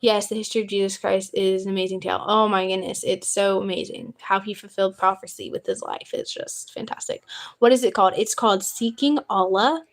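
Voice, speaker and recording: A woman's voice: mid-range voice, steady tone, a little fast. Chatty young woman livestreaming on her phone. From United States. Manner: chatty, eager, reads out chat questions. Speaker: livestream host. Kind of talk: casual livestream chat.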